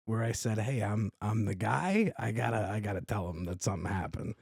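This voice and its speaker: A man's voice: lowish voice, expressive, fairly quick, creaky, hardly any pauses, darkish tone, no room sound, clean studio sound. A middle-aged man with a New York accent, a comedian guest telling a story in casual podcast chat, acting out both sides of the dialogue. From Staten Island, New York.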